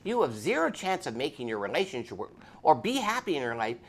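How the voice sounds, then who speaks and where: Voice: medium pitch, sing-song, quick pace. A police officer giving an earnest, preachy spoken testimony.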